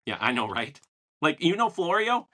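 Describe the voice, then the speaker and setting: A man's voice: fairly high pitch, big pitch swings, moderate pace, sharp tone. A man hosting a podcast, chatting casually and telling stories with enthusiasm, acting out what people said. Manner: enthusiastic storyteller, acts out quotes. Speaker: podcast host. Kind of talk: casual interview chat.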